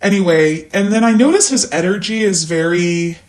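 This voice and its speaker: A woman from the American Midwest, a podcast guest telling a candid personal story and acting out the lines of others with sudden jumps in pitch. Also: moderate pace, echoey room, rough recording. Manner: animated, acts out quoted lines with big pitch jumps.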